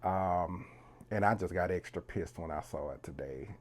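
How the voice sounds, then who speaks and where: A man's voice: low-pitched, moderate pace, darkish tone. A man hosting his own channel, talking to viewers in a chatty, casual way. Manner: chatty, keeps calling viewers "y'all". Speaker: host. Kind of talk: casual video commentary.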